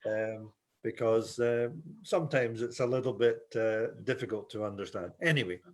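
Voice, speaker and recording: A man's voice: on the low side, fairly even intonation. Older Scottish man giving a webinar. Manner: deliberately slow, hesitant delivery. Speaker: refereeing instructor. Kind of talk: webinar lecture. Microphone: video call.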